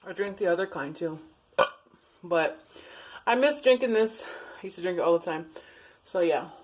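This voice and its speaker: A woman's voice: on the low side, lively intonation, moderate pace, darkish tone, poor audio. Chatty, giggly woman vlogging at home. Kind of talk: casual chat to camera. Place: at home, indoors.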